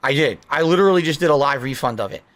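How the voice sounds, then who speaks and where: A man's voice: fairly high pitch, lively intonation, quick pace, fairly bright tone. A man livestreaming, reading viewer messages and scolding them indignantly.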